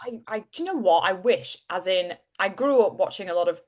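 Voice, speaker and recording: A young woman with a soft Yorkshire accent, chatting as an interview guest, animated and comedic, laughing often. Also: fairly low pitch, a little fast. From Yorkshire, England. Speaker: actor and presenter, guest. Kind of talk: casual interview chat.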